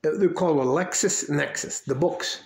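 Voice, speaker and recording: A man's voice: on the high side, normal speed, darkish tone. Heated older man ranting, echoey room. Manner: heated, swearing, repeats himself. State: getting upset. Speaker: video blogger. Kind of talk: angry personal rant.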